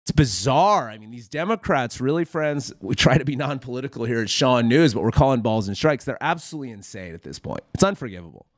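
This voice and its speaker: A man's voice: mid-range voice, lively intonation, fast, hardly any pauses, dry recording, studio quality. A man hosting a satirical political commentary show in a mock-preachy, sarcastic, folksy manner. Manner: sarcastic, folksy, keeps calling viewers "friends".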